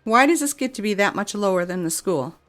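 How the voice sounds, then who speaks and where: A woman's voice: medium pitch, animated, fairly quick, a bit bright, soft background music. A woman giving gameplay commentary as she plays a city-building game, exasperated and grumbling to herself about the controls. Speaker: game streamer.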